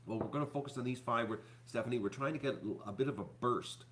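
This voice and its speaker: A man hosting his own channel, talking to viewers in a rambling, halting way full of fillers and restarts, sounding depressed and upset. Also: mid-range voice, fairly bright tone. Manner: halting, repeats words, many fillers. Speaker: YouTuber host. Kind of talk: rambling live-stream talk to viewers.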